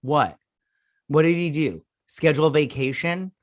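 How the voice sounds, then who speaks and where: A man's voice: on the high side, moderate pace, dry recording. Male online reviewer, sarcastic and mocking, casual rant, dry deadened room. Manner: sarcastic, mocking, acts out characters in silly voices. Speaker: video host reviewing a TV episode. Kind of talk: casual spoiler recap and rant.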